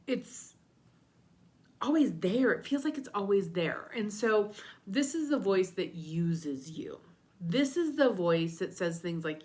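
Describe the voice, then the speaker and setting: A woman coaching listeners in a casual motivational talk, candid and a little profane, sometimes dropping to a whisper for emphasis. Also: medium pitch. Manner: candid, casual, mild swearing, drops into whispers. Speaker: self-help coach.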